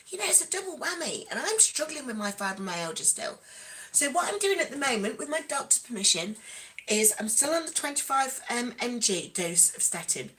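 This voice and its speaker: A woman hosting a live question-and-answer stream, chatting in a rambling, animated way with many asides. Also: a little high, low-quality recording. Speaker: stream host. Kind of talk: casual live Q&A chat.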